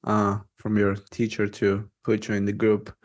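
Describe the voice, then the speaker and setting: A man's voice: on the low side, completely flat delivery, measured pace. A man hosting a podcast interview, talking through ideas and often checking in with "right?". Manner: thoughtful, restarts sentences, asks "right?". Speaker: podcast host. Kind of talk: casual interview talk.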